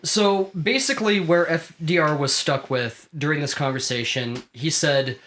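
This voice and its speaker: Male podcast co-host, higher register, casual storyteller who voices quotes and swears freely. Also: moderate pace, few pauses, fairly bright tone, slight background noise. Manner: storytelling, acts out quotes, laughs often, swears. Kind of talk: casual history podcast chat.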